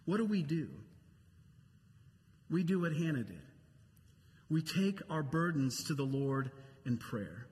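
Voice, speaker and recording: Slow, high-voiced male pastor preaching. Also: lively intonation, darkish tone, long reverb tail. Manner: conversational preaching, repeats key phrases for emphasis. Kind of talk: sermon.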